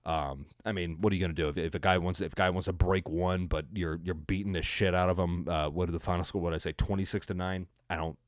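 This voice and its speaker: A young man hosting his own sports podcast, recapping a game in a rambling, excitable way with lots of fillers and restarts. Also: low voice, quick pace, few pauses, no room sound, clean studio sound. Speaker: podcast host. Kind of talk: casual solo sports recap.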